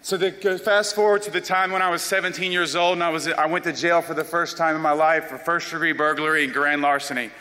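A young man from South Carolina, telling his life story as an animated, self-deprecating testimony. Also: fairly high pitch, fast talker, few pauses. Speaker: speaker giving a personal testimony. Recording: long reverb of a large hall.

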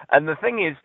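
A man's voice: fairly high pitch, creaky, no room sound. A man with a southern English accent, telling a self-mocking story in casual podcast chat. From Britain. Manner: wry, self-mocking, animated. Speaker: podcast co-host. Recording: tinny phone-line sound.

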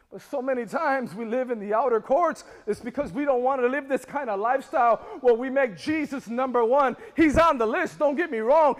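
A man preaching a sermon as pastor, impassioned, with rising shouts and call-and-response to the congregation. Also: very high voice, a little fast, few pauses, big-room sound.

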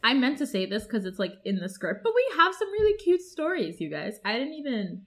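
A woman's voice: fairly high pitch, a little fast. Chatty young woman hosting a podcast. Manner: chatty, animated, lots of fillers. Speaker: podcast host. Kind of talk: casual chat among friends.

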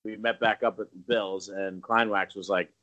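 A man in his thirties, a podcast co-host telling a story casually, swearing freely and jumping up in pitch when acting out quotes. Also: little pitch movement, normal speed, a bit bright, lo-fi sound. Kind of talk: casual storytelling among friends.

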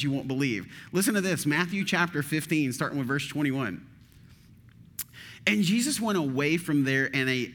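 A pastor with a fairly high male voice preaches a sermon in a conversational way. He reads scripture aloud and keeps asking the room questions. Now and then he slips in dry sarcasm. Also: fairly bright tone, in a large hall. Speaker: teaching pastor.

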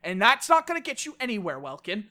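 A woman co-hosting a casual games podcast, animated and laughing, swearing when she gets worked up. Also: mid-range voice, fast talker. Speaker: podcast co-host. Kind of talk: casual podcast rant about video games.

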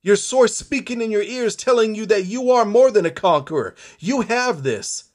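A man's voice: sits high, expressive, normal speed. A man giving a motivational speech, telling a story in the second person with dramatic repetition. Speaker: motivational speaker.

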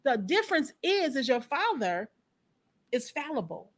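Woman, high pitched, animated and emphatic, casual interview guest. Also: unhurried. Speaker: guest, founder and coach. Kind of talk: casual chat with personal stories.

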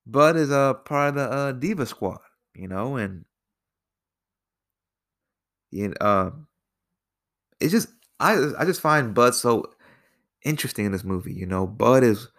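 A man's voice: mid-range voice, a bit bright. A man casually reviewing a film, rambling with lots of fillers and slang, sometimes restarting his sentences. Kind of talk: casual spoken movie review.

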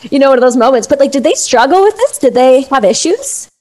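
A woman hosting a casual conversation, blunt and laughing at dark humor. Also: sits high, big pitch swings, fast talker, poor audio. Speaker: podcast host.

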